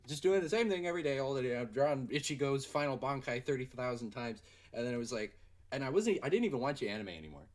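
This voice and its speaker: A young man hosting a casual livestream Q&A, rambling and excitable with lots of fillers. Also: medium pitch, fast talker. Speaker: livestream host and animator.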